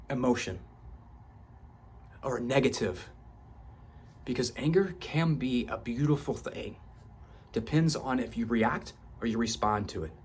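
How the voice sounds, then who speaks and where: A man's voice: on the high side, slightly rough. A man, 38 or older, speaks in a passionate motivational monologue about his own growth. He swears for emphasis, and his voice climbs as he grows fervent. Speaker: self-help vlogger.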